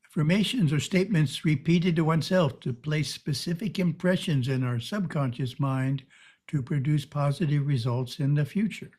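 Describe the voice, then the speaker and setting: A man giving a calm, measured spiritual teaching talk over a video call. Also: a little high, husky.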